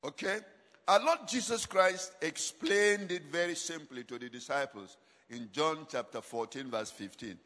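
High-pitched man preaching in a reverberant hall. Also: measured pace, pushed and bright. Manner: call-and-response questions to congregation; emphatic, dramatic shifts in volume. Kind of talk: sermon.

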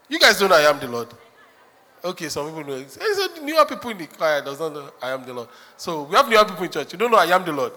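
A pastor preaching to his church in a high, bright voice. He jokes, acts out little dialogues and laughs often. The sound carries a long reverb from a large hall. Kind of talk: sermon.

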